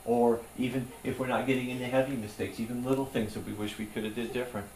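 A man's voice: medium pitch, little pitch movement, fast talker, darkish tone. A male pastor preaching a sermon in an earnest, conversational way. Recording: echoey room, voice from far off, faint hum.

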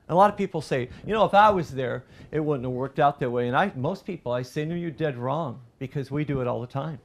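A middle-aged man preaching a sermon as pastor, rising loud and animated through lists and quoted cries. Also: fairly high pitch, quick pace, few pauses.

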